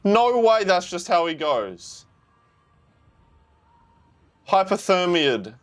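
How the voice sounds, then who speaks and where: Young Aussie guy, reaction host, slow-paced talk with lively pitch, curses and yells at the screen. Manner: swearing, yelling at the screen. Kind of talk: casual TV reaction commentary.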